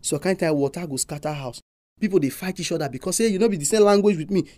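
A preacher with a Nigerian accent delivering a sermon, full of animated, emphatic rhetorical questions. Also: medium pitch, quick pace, no room sound.

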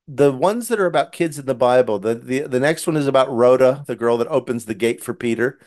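A man's voice: mid-range voice, fairly quick, darkish tone. Earnest man retelling a story. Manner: earnest, with frequent restarts. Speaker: Christian children's book author. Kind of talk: casual storytelling.

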